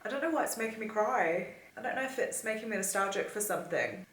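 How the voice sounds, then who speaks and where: A woman's voice: medium pitch, lively intonation, fast talker, fairly bright tone, slight background noise. Gushing young woman, roomy echo. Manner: gushing, emotional, chatty. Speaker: vlogger. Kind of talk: casual reaction commentary.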